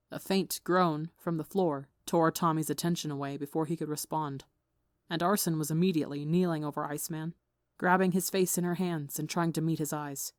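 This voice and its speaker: A woman narrating a fan fiction story in an even, measured way. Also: sits low, no room sound, clean studio sound. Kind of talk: audiobook reading of fan fiction.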